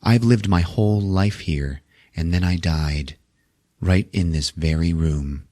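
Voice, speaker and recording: A man voicing an older woman patient who claims to be a ghost, speaking slowly and hushed. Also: deep voice, dry recording, clean studio sound. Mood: eerie. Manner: slow, hushed, spooky.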